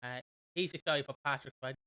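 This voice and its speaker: A young British man co-hosting a podcast, casually recapping a soap with a rambling, animated manner. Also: medium pitch, fast, no echo. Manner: rambling, animated retelling with quoted voices. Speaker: podcast co-host.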